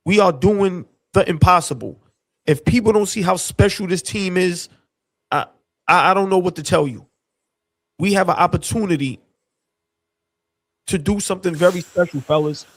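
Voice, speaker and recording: A man hosting a fan sports show, reacting emotionally and excitedly after a win in loose, slangy talk. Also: high-pitched, normal speed, long pauses, dry recording, studio quality.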